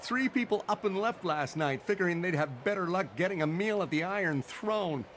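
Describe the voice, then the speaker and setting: A bitter, scornful refugee. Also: male voice, high voice, expressive, moderate pace, fairly bright tone, a little hiss or hum. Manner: scornful, sarcastic. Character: bitter male refugee complaining.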